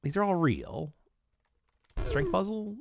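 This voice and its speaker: A man commenting on a puzzle game as he plays, thinking aloud and hesitating, with sudden bursts of excitement. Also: high-pitched, slow, creaky, a little hiss or hum. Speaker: let's play host. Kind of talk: let's play commentary.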